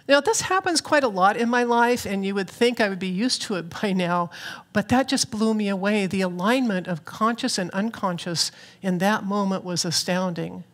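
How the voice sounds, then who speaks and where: A woman minister giving a reflective, earnest sermon with touches of light humor, speaking from a church platform. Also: mid-range voice. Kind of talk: spiritual sermon.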